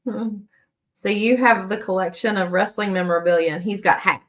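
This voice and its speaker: A woman's voice: medium pitch, steady tone, brisk, a bit bright. A woman hosting a casual interview, reacting with short interjections and laughter. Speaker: host.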